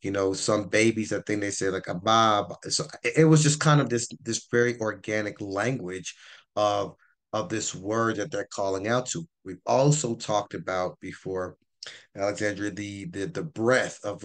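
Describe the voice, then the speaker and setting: A man giving an informal Bible teaching, rambling and repeating words, his voice worn. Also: fairly low pitch. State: losing his voice.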